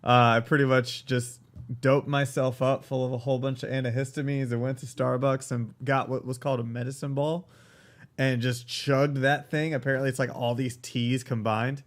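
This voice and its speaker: A man's voice: mid-range voice, flat delivery, normal speed. A man co-hosting a casual chat, talking through a cold with a stuffy, nasal voice and a joking, rambling manner. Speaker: podcast co-host.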